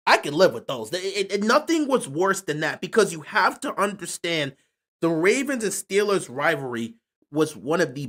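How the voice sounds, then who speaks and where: A man's voice: on the high side, a bit bright. A man hosting casual sports talk, impassioned and repeating himself with stammering restarts. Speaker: sports channel host.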